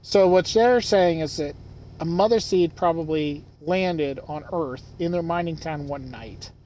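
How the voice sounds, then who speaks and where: A man streaming a puzzle game, thinking aloud with amused asides and halting restarts. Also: a little high, darkish tone, a little hiss or hum. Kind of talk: let's play commentary, reading in-game notes aloud.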